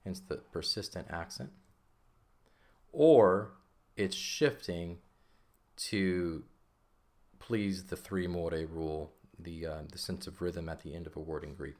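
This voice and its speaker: A man's voice: low voice, slow pace, long pauses, a little mellow. A man teaching a recorded Greek grammar lesson, explaining patiently and checking in with frequent "okay?" as he writes.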